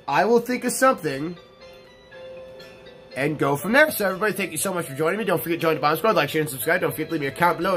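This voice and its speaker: A man commentates on gameplay in casual let's-play style, rambling, swearing freely, and filling his talk with ums and restarts. His voice is on the high side and a bit bright.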